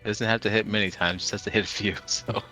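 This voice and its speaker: A man's voice: fairly low pitch, steady tone, quick pace, pushed and bright, soft background music. A man playing a tabletop game, joking and bantering with the table. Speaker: player. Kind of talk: casual tabletop game play.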